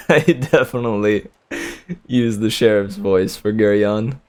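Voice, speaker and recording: A man's voice: fairly low pitch, steady tone, slow pace, a little mellow, clean tone. A man reading a book on a live stream, breaking off for casual chat with his viewers, musing aloud and chuckling often. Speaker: audiobook reader and streamer.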